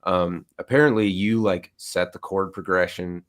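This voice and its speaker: Man, middle-aged, low-pitched, casual rambling chat, stream co-host. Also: fairly even intonation, moderate pace. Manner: rambling, filler-heavy.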